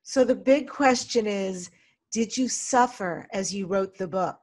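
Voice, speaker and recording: A woman's voice: mid-range voice, measured pace. A woman hosting a podcast interview in a chatty way, laughing easily as she introduces topics and asks questions. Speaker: podcast host.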